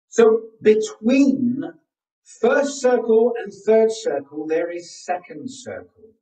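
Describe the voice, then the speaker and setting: A man's voice: a little high, warm tone. A man teaching a live online workshop as a presentation coach, coaching and often asking the audience questions. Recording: roomy sound, distant from the mic.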